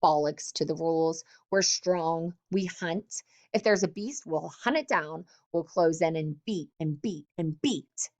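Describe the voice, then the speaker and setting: A woman voicing an aggressive, defiant boy who leads the hunters, speaking in a jeering, shouting way. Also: sits low, unhurried, few pauses. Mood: wild.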